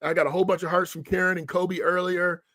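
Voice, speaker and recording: A middle-aged man, a money coach hosting a live stream, talking in an energetic, emphatic way and repeating phrases for effect. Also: high-pitched, quick pace, no echo. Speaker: money coach and show host. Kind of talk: motivational live-stream talk.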